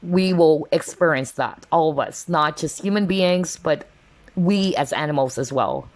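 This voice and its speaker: A woman's voice: deep voice, lively intonation, unhurried. A woman giving a casual tarot card reading to her viewers, earnest and emotional, talking with lots of fillers like "kind of, like" and "you know.". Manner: earnest, emotional, openly moved.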